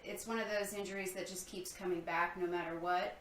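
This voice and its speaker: A woman's voice: fairly low pitch, steady tone, fairly quick, fairly bright tone, reverberant, low-quality recording. A woman interviewer asking long, searching questions, thinking aloud with many fillers.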